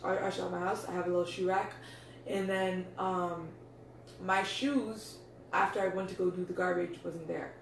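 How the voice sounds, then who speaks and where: A woman's voice: on the low side, level tone, normal speed, gravelly. A young woman talks loosely to camera, peppering her talk with swearing and slang. She sits back from the mic, so her voice sounds distant and bounces around an echoey room, with faint noise underneath. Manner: loose, chatty, swears freely, says "like" and "yo" a lot. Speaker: meditation coach. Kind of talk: casual vlog talk.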